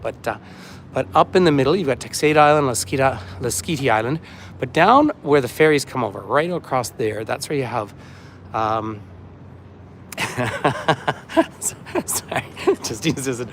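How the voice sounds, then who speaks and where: A man's voice: medium pitch, animated, measured pace, fairly bright tone, slight background noise. A man livestreaming a walking tour outdoors, chatting and rambling as he reads out viewer comments, filmed on a phone camera as he walks. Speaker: tour guide. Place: outdoors on a city waterfront street.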